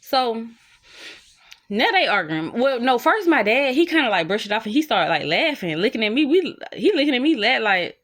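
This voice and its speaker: A young woman tells a storytime to camera, talking straight to her viewers with lots of slang. Her voice sits a little high and swings widely in pitch as she gets into the story. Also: sing-song, brisk, a bit bright. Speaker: storytime vlogger.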